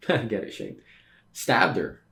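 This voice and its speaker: A man streaming a casual read-through of a comic, reacting excitedly with slangy exclamations. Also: fairly low pitch, slow pace, vocal fry. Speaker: streamer reading manga aloud.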